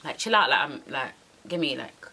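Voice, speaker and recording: A woman's voice: rumbling low, expressive, normal speed, sharp tone, breathy edge, voice pushed down, full character voice. A woman voicing a laid-back young British man who brushes off his angry girlfriend with a lazy drawl. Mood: dismissive. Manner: drawling, unbothered, full of "like".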